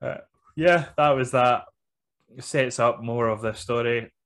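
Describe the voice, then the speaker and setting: A man's voice: medium pitch, a little slow. A man hosting a podcast, laid-back and swearing as he runs through segments in casual chat. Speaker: podcast host.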